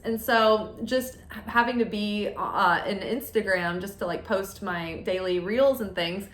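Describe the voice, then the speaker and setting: A woman's voice: mid-range voice, unhurried, few pauses, fairly bright tone, slight background noise. Chatty woman reading tarot, echoey room. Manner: chatty, candid, laughs often. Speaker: tarot reader. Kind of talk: casual chat while reading cards. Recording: roomy echo.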